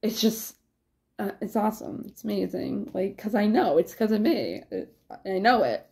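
A woman's voice: medium pitch, animated, normal speed, vocal fry, darkish tone. A woman vlogger talking in a rambling, casual confessional way, with plenty of fillers and swearing.

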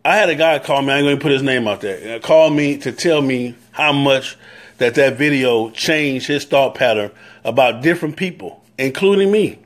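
A man's voice: medium pitch, normal speed. A man with a Southern US accent giving a live-stream talk, preaching on brotherhood and greeting viewers by name as he goes. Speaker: motorcycle club leader.

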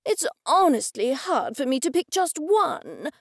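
A woman voicing an older male gallery owner who gushes with slow, drawn-out enthusiasm, in an audiobook. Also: high-pitched, sing-song, no echo, clean studio sound, voice pushed up, full character voice. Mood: gushing.

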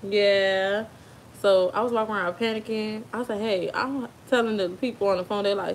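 With a steady, mid-range voice at a moderate pace, a young woman with an African American Vernacular English accent recounts giving birth in a chatty, casual storytime. Frequent laughter and remarks to kids off camera come through over a little hiss or hum.

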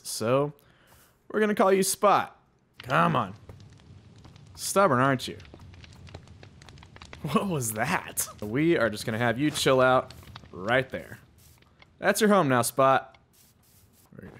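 A man's voice: medium pitch, fairly bright tone. A man casually commenting on his own gameplay, chatting to himself and to the animals in the game. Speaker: gaming channel host. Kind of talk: casual let's-play commentary.

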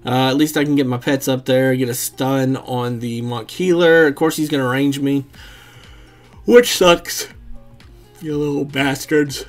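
A man's voice: medium pitch, normal speed, hardly any pauses, soft background music. Laid-back gamer man. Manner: relaxed and rambling, swears freely, chuckles often. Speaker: gaming commentator. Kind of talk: casual gameplay commentary.

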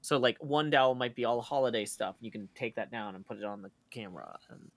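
A man with a gravelly edge to his voice, chatting loosely with a co-host. He wanders through long stories with lots of ums and restarts. His pitch sits in the middle for a man. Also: quick pace, no room sound. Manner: rambling storyteller, many fillers and restarts. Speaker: co-host on a stream. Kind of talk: casual chat.

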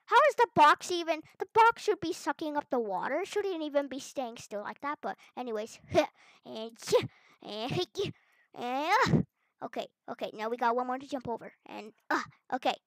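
A woman's voice: high voice, lively intonation, moderate pace, a bit bright, dry recording. A woman host chatting casually over her gameplay, chatty and playful with squeals and giggles. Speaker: gaming channel host. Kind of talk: casual game commentary.

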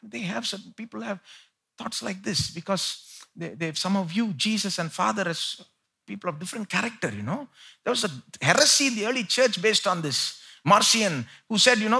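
A man with an Indian English accent preaching a live sermon in church, moving between loud emphatic peaks and quiet low asides. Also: animated, moderate pace, gravelly, breathy edge. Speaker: pastor.

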